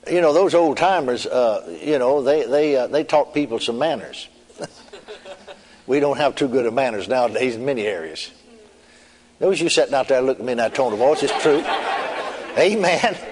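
Folksy preacher telling his story. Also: on the high side. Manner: folksy storytelling with chuckles and repeated asides. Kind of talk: sermon testimony. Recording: long reverb in a hall.

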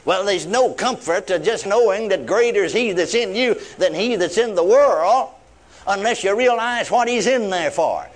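A man's voice: sits high, expressive, moderate pace. An older man preaching a sermon, repeating key words with emphatic stress, drawing words out and dropping in praise interjections, in a folksy way of talking.

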